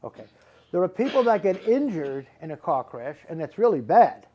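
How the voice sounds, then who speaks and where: A man's voice: sits high, sing-song, normal speed, dark tone, highs cut off. A middle-aged man, a psychic medium giving readings to a live audience, who rambles and repeats words for emphasis.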